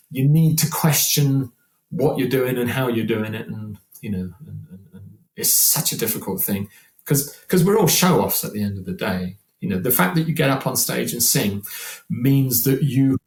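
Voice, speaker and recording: A man in his sixties, a singer guesting on a podcast, talking in an animated, chatty way and often repeating words. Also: medium pitch. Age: 60s. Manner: animated, chatty, repeats words while acting out quoted voices. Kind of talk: casual podcast conversation. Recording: roomy echo.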